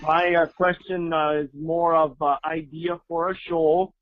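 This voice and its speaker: A man putting on a halting caller with a fake Nordic accent over a phone line. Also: on the high side, level tone, no echo. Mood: earnest. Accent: mock Scandinavian-Minnesota. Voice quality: halting, full of "uh"s. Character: bumbling male caller with a wandering fake accent. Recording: tinny phone-line audio.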